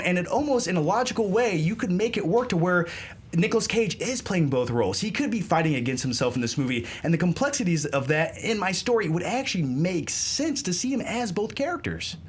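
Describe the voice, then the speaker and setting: A man's voice: on the high side, slight background noise. A man arguing emphatically in a comedy movie debate. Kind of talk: heated panel debate.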